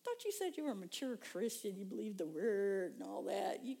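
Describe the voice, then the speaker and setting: A woman preacher voicing the devil as a low, quiet, taunting male spirit who condemns the listener. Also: sing-song, fairly quick, creaky. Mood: accusing. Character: sneering accusing male devil, low and hushed.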